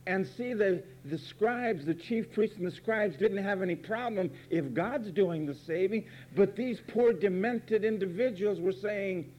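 A man's voice: sits high, expressive, measured pace, muffled recording, a little hiss or hum. A man preaching a fiery, sarcastic sermon from the pulpit, emphatic and blunt. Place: church pulpit.

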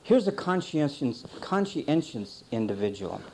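A man's voice: medium pitch, a little slow, slight background noise. A middle-aged man preaching a sermon, defining words and then telling a folksy story from his childhood. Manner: lively, swings between loud and quiet.

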